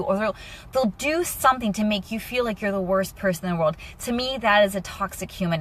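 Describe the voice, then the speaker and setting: A young woman talking candidly and emotionally to camera in a personal vlog. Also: mid-range voice. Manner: candid and emotional, lively asides. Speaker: vlogger.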